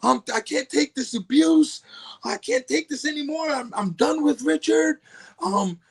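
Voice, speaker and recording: A man's voice: very high voice, a little slow, gravelly, voice pushed up, heavily acted. A man mimicking his upset wife as she rants, stammers and threatens to sue. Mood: ranting.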